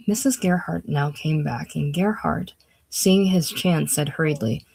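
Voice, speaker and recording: A casual reader narrating a classic novel aloud in a plain, unhurried way, dropping lower and quieter on speech tags. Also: gravelly, low-quality recording. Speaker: audiobook reader.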